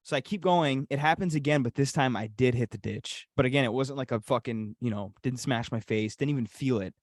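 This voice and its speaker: A man's voice: medium pitch, brisk, no room sound. Young guy w a yooper accent telling a wild story, swears a ton, dry close sound. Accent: Upper Peninsula Michigan. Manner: animated, heavy swearing. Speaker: podcast co-host. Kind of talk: casual storytelling.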